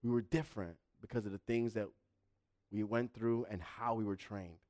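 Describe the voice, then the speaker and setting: A man's voice: lowish voice, fairly even intonation, moderate pace, darkish tone. A man preaching a sermon in a fervent, emphatic style, driving points home through repetition.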